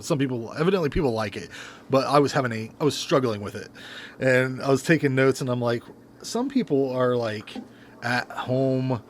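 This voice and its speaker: A man's voice: medium pitch, a little hiss or hum. A middle-aged man co-hosting a podcast from his bedroom, laid-back and swearing, with hesitant restarts. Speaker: podcast co-host. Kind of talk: casual chat. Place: bedroom at home.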